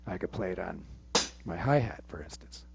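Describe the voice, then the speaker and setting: A man with a fairly low voice gives a relaxed drum lesson and counts the stickings aloud. The recording sounds muffled, and a drum kit plays loudly between his phrases. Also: normal speed, vocal fry, loud music behind the voice. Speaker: drum teacher. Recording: muffled sound with loud drums. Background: loud drumming between phrases.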